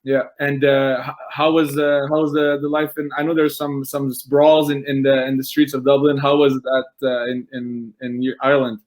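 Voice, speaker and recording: A man's voice: medium pitch, flat delivery, normal speed, few pauses. A man hosting a casual interview podcast, who keeps searching for words with many restarts and "uh"s. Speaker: podcast host.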